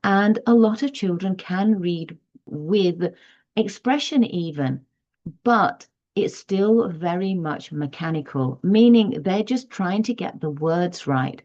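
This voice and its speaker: A woman talks parents through reading skills at an unhurried, deliberate pace, her voice sitting a little low. The sound is dull and lo-fi. She explains patiently and now and then reads a sentence aloud to show the point. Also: animated, warm tone. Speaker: teacher giving parenting advice. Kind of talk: instructional talk to parents. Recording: dull lo-fi audio.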